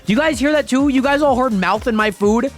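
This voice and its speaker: A young man live-streaming a game, chatting casually with his viewers and breaking into excited yelps when the action heats up. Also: very high-pitched, fairly quick. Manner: chatty, addresses viewers constantly, yelps excitedly during fights. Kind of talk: casual gaming livestream chat. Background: faint dance pop music.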